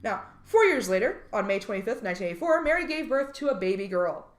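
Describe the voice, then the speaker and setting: A woman's voice: mid-range voice, very animated, quick pace, reverberant. A woman co-hosting a true crime podcast, reading out case details in a casual, joking way and sometimes swearing. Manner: reads case details, then jokes and swears. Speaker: podcast co-host.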